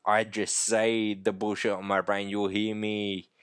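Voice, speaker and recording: A man hosting a podcast, rambling through an unedited casual monologue with a croaky throat, swearing freely and breaking off mid-thought. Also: lowish voice, flat delivery, unhurried, fairly bright tone, dry recording, clean studio sound. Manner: rambling, profane, self-interrupting. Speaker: podcast host.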